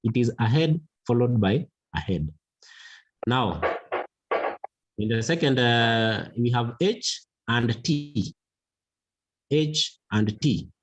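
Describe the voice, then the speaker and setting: A man teaching a mathematics lesson, slow and deliberate, repeating key words for emphasis. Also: medium pitch, lively intonation, highs cut off. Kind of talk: classroom lesson.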